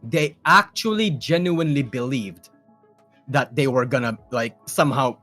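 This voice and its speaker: A man's voice: mid-range voice, moderate pace, fairly bright tone, soft background music. A young man calling in as a stream guest, rambling casually, repeating himself and swearing, often trailing off. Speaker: call-in guest. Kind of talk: casual chat.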